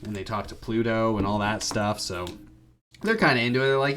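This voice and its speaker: A man's voice: lowish voice, brisk, a bit bright. A man hosting a podcast, giving a rambling, irreverent comedic retelling full of slang. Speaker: podcast host.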